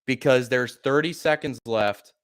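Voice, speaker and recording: A man calls a football game for his own live stream, a fan more than a broadcaster. His voice is smooth and resonant at an ordinary middle pitch. He swears casually and climbs into excited shouting at big plays. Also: unhurried. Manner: excitable, profane, shouting when upset. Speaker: sports podcast host. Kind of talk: live play-by-play fan commentary.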